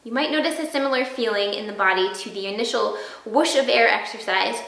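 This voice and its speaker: Bright-voiced lady teaching flute technique step by step, echoey practice room. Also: fairly high pitch, normal speed. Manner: clear, step-by-step demonstrating syllables aloud. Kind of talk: instructional video lesson.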